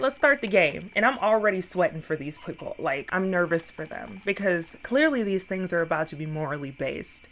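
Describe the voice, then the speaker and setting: A young woman casually recapping a horror film, profane and animated, acting out quotes and dropping into sudden whispers. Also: medium pitch.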